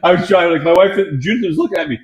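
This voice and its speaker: A middle-aged man and father of three on a casual podcast, telling stories with repeated words and acted-out shouts. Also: sits high, racing. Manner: lively storyteller, repeats words, acts out shouting. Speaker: podcast co-host. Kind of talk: casual chat, storytelling.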